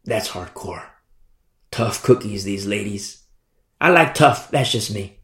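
A man's voice: on the low side, lively intonation, slow pace, a bit bright, reverberant. A male pastor preaching a fiery sermon and acting out scenes from scripture.

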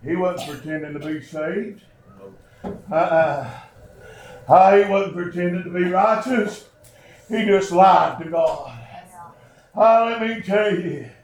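A man's voice: sits high, slow, pauses often. A man preaching a fiery sermon as pastor, chanting phrases with rhythmic "uh" gasps between them. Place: church service. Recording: echoey church sanctuary.

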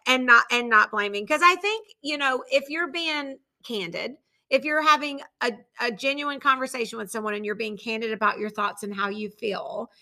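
A woman in her forties hosting a podcast, chatting casually with lively storytelling and frequent laughter. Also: on the high side, normal speed, few pauses. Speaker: podcast host. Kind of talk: casual conversation.

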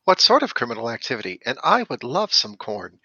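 A man playing in a tabletop game, asking wry, deadpan questions, on a dull lo-fi mic. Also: medium pitch, a little fast, slightly rough, no room sound. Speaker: player. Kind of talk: tabletop role-play chat.

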